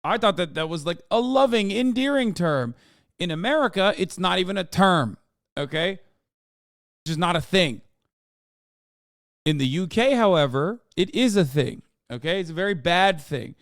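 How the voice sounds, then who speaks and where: A male streamer in casual commentary, riffing sarcastically and swearing freely. His voice sits a bit high and comes through smooth and clean. The sound is dry and close. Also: animated, a little slow, long pauses, fairly bright tone, dry recording. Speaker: streamer host.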